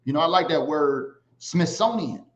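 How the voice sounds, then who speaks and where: A man hosting a casual livestream, animated and giving shout-outs to viewers. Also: a little high, moderate pace. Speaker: livestream host. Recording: echoey, slightly dull sound.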